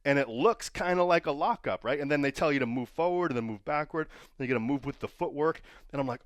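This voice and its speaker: A man's voice: a little high, fast, hardly any pauses, no room sound, clean studio sound. A man who trains pro wrestlers tells stories and gives casual advice, often checking in with the listener by asking "right?". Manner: storytelling, keeps asking "right?".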